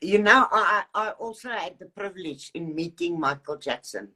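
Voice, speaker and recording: Low-voiced woman interviewer, halting. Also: expressive, pushed and bright. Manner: nervous, halting, with fillers. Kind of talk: casual interview.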